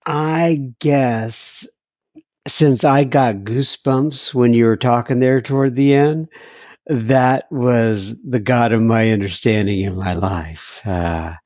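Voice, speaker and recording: A man hosting a recovery podcast, speaking in a relaxed chat with many pauses and restarts. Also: mid-range voice, dry recording, studio quality. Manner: halting, many fillers and restarts. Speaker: podcast host. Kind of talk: casual interview chat.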